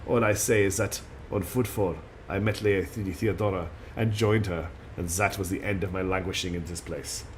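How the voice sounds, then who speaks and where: A man voicing a stern, brooding female warrior guardian in a game, with a put-on French accent that slips, speaking low and solemn. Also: fairly even intonation, normal speed, hardly any pauses, a little hiss or hum, natural voice. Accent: put-on French, slipping. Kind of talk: reading game dialogue aloud.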